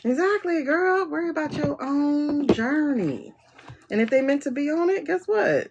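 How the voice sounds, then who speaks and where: A woman's voice: high voice, expressive, moderate pace, creaky, background noise. Blunt, sassy woman tarot reader. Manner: blunt, sassy, joking with viewers. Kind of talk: livestream tarot reading.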